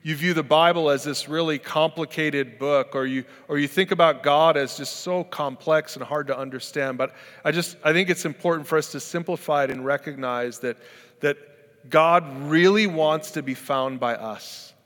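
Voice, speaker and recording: A man's voice: a little high, normal speed, a bit bright. A middle-aged man, a pastor, preaching a sermon in a conversational, storytelling way. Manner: conversational, storytelling with acted-out quotes. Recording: long hall reverb.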